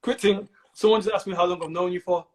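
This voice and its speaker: A man hosts a relaxed interview over a video call. He talks quickly and sits fairly high in pitch. He keeps up a steady stream of affirming backchannels. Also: rough recording. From Manchester. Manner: easygoing, lots of affirming backchannels. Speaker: interviewer host. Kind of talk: casual chat.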